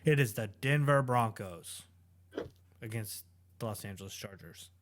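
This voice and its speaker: A man's voice: fairly low pitch, unhurried, a little hiss or hum. A man co-hosting a casual fantasy football podcast, opinionated and trailing off into fillers. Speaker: podcast co-host. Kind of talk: casual sports chat.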